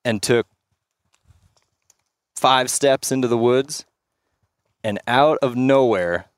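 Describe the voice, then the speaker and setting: A man guesting on a podcast, telling a story in a vivid, measured way. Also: medium pitch, clean tone, no echo, clean studio sound. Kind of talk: casual storytelling chat.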